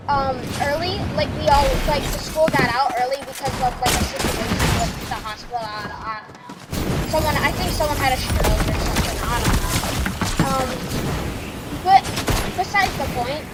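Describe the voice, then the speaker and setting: A woman's voice: sits high, heavy background noise. A teenage girl telling a rambling storytime while gaming, filling her talk with "like". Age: teens. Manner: rambling, heavy filler "like". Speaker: streamer. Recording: loud game music behind.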